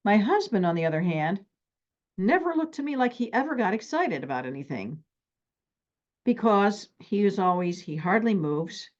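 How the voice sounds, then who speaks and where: A middle-aged woman therapist teaches with lively, extroverted energy, often acting out her own stories. Her voice sits at an ordinary pitch, and the recording is a bit dull and lo-fi. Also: moderate pace. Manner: animated, extroverted, acts out anecdotes.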